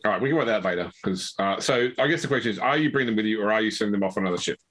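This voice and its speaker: A man's voice: lowish voice, rapid-fire, a bit bright, low-quality recording. A man running a tabletop role-playing game as game master, talking with many fillers and restarts.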